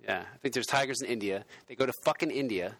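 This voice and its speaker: A man riffing through an improvised comedy pitch, excitable and swearing freely as he spins out ideas. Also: fast.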